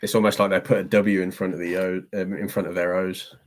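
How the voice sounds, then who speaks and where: A man's voice: low voice, little pitch movement, fast talker. A man hosting a live stream and answering chat, chatty and self-deprecating, laughing often as he reads the questions.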